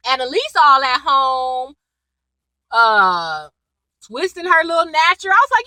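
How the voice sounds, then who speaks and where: High-pitched and unhurried, with long pauses, this woman is heard on poor audio with no echo. She's a TV recap vlogger chatting casually about an episode, animatedly acting out quoted lines and laughing as she goes.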